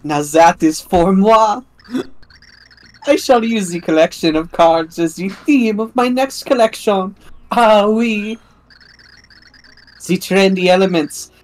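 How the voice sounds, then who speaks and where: A gamer voicing a fad-chasing designer in an exaggerated put-on French accent, slow and theatrical. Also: medium pitch, darkish tone, lightly acted. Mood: haughty. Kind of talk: reading game dialogue aloud.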